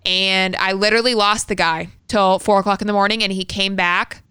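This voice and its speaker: Woman, podcast co-host, casual blunt storytelling, bright crisp voice, dry close sound. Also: mid-range voice, steady tone, a little fast, no echo. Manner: candid, blunt, swears freely.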